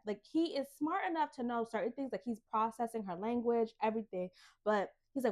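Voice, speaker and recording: A woman's voice: a little high, expressive, quick pace, darkish tone. A woman co-hosting a casual book chat, retelling a plot with lots of "like" and acting out the characters' lines. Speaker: podcast co-host retelling a book.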